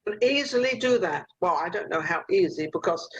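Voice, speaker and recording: A woman's voice: lowish voice, lively intonation, a little fast, fairly bright tone, husky, rough recording. An older woman hosting a talk show over a video call, giving rambling, motherly advice with lots of fillers. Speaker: host.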